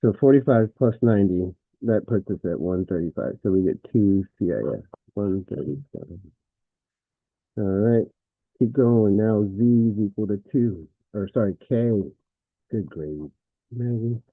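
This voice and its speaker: A man's voice: fairly low pitch, expressive, unhurried, no room sound. Man teaching math over a tinny line. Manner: thinks aloud, self-correcting, frequent fillers. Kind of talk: recorded math lesson.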